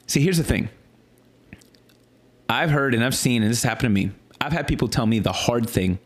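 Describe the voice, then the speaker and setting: A man, a pastor, talking through his sermon in a casual, animated way, often restarting and stuttering, swinging between high exclaims and low earnest lines. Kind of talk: casual sermon follow-up talk.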